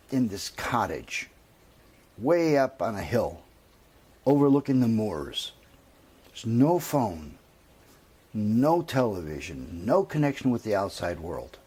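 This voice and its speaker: A man telling a long comic story in a lively, drawn-out way. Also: on the low side, slightly rough. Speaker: comedian.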